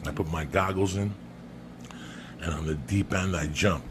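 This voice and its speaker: A man's voice: sits low, a little slow, background noise. A man telling a crude, comic story on a podcast, swearing often and calling his listener by name. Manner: profane, emphatic, keeps addressing the listener by name.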